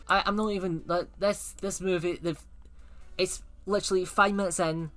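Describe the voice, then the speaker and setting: A man ranking films in a rambling, excitable and sarcastic casual chat. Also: high-pitched, normal speed, faint music behind.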